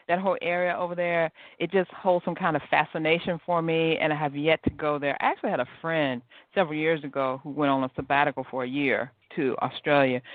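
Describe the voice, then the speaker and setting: A woman's voice: low voice, no room sound. A woman hosting a podcast interview, chatty and enthusiastic, laughing often. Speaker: podcast host. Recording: dry phone-line audio.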